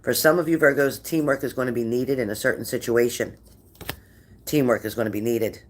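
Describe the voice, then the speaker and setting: A man's voice: medium pitch, steady tone, brisk. Man giving an encouraging tarot reading. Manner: encouraging, repetitive phrasing. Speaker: tarot reader.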